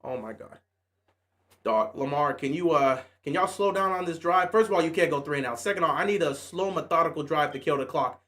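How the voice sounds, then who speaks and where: High, bright-voiced trash-talking sports fan. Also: male voice, a little fast. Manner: animated trash talk, rhetorical questions; mock play-by-play commentary. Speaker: sports fan watching a game live. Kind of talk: live game-watch reaction.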